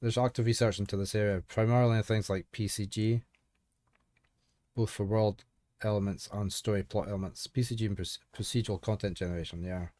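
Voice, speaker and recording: A man's voice: on the low side, fairly even intonation, brisk, warm tone, no echo. A male streamer reading a visual novel aloud on a live stream, chatting casually between lines. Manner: casual, rambling asides with restarts. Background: game music.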